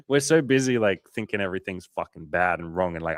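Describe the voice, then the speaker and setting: Low-voiced swearing male coach. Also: quick pace, hardly any pauses, a bit bright, dry recording, clean studio sound. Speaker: coach hosting a livestream. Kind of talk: casual livestream Q&A, reading chat.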